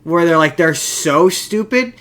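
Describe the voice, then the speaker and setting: A man hosting a podcast in casual chat, animated and sarcastic, acting out quotes. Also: a little high, measured pace. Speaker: podcast host.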